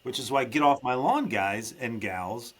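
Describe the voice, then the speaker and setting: A man's voice: medium pitch, expressive, a little slow, fairly bright tone, slightly rough. Rambling male podcast host. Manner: rambling, restarts often, emphatic. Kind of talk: casual podcast chat.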